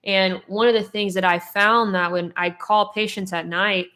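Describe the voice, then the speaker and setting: A woman's voice: mid-range voice, steady tone, normal speed, pushed and bright. A woman from Texas, a dentist co-hosting a casual podcast, chatting playfully and changing her pace to make a point.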